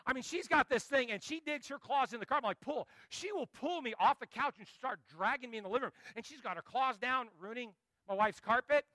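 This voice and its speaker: A man preaching a sermon as pastor, telling animated stories and joking with the congregation. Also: very high-pitched, quick pace, hardly any pauses, no room sound.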